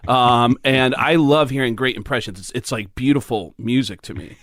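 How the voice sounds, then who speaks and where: A man on a podcast telling stories in an animated way, slipping into loud character voices. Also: medium pitch, moderate pace, dry recording, clean studio sound. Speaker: comedian guest. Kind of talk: casual podcast conversation. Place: podcast studio.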